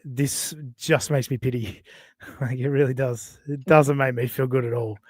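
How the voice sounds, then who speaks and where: A man's voice: mid-range voice, fairly even intonation, moderate pace, darkish tone, dry recording, studio quality. A man hosting a podcast in casual banter, blunt and profane, laughing between jabs. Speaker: podcast host.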